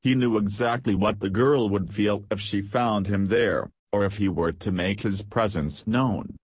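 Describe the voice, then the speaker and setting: A man calmly narrating a novel as an audiobook reader, close to the mic. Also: lowish voice, unhurried, husky, dry recording.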